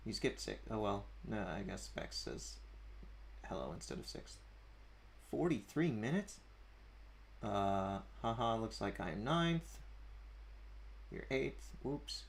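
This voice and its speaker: A man's voice: fairly low pitch, big pitch swings, takes it slowly, creaky, pauses often. A man hosting a casual livestream, chatting and reading out viewer comments with a chuckle. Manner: chatty, chuckling, reads usernames aloud. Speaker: livestream host. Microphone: desk mic at a streaming setup.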